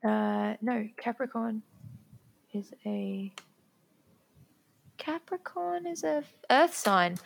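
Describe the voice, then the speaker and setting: A young adult woman chatting casually, telling work stories quickly and acting out the quotes with lively energy. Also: a little high, creaky. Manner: quick, animated storytelling, acts out quotes. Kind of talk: casual chat.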